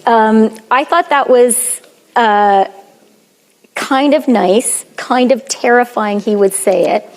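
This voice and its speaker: A Canadian woman in her fifties giving a public lecture, earnest and measured, pausing often with fillers. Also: on the high side, a little mellow. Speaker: guest lecturer. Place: lecture hall.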